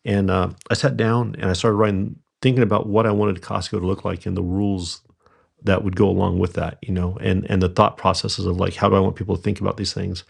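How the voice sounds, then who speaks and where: A middle-aged man, a podcast guest, telling stories from his business in a halting way with many fillers and restarts. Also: low-pitched, level tone, creaky, slightly rough. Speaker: podcast guest, rental company founder. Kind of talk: conversational storytelling interview.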